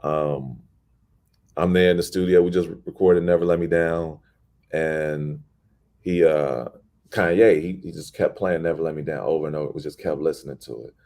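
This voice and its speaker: A man from Chicago talks through a casual interview with a very low voice. He tells stories animatedly, slipping into the voices of the people he quotes. He sounds middle-aged. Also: fairly even intonation, normal speed, dark tone. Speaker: poet and guest.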